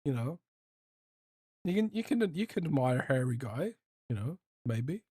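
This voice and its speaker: A man's voice: medium pitch, sing-song, normal speed, a little mellow, breathy edge, no room sound, clean studio sound. A young man hosting a casual livestream podcast, joking and rambling as he reads out chat. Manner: rambling, joking, swears a lot, trails off. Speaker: podcast host reading live chat.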